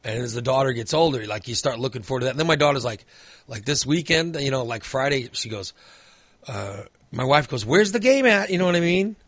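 A man's voice: mid-range voice, expressive, brisk, fairly bright tone, dry recording. A man in his forties telling a long, rambling story in casual chat, full of fillers and restarts. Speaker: storyteller in a conversation. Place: indoors at a computer.

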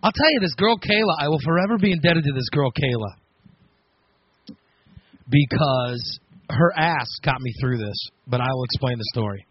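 A man hosting a radio show, telling a story on air in a casual, animated, self-mocking way with frequent laughs. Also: mid-range voice, moderate pace, breathy edge, no room sound, lo-fi sound. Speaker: radio host.

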